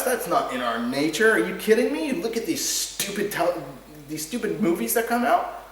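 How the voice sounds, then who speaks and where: A man with a slightly higher voice talks in a heated, rambling stream, restarting words and swearing as he goes. He sits well back from the microphone. The recording is drenched in room echo. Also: sing-song, normal speed. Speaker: podcast host. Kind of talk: casual ranting monologue. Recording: very echoey room, distant mic.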